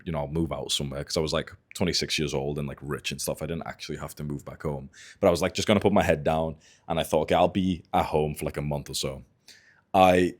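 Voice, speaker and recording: Deep-voiced young man telling a story. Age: 20s. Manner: animated storytelling, swears freely. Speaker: self-improvement YouTuber. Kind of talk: casual storytelling to camera.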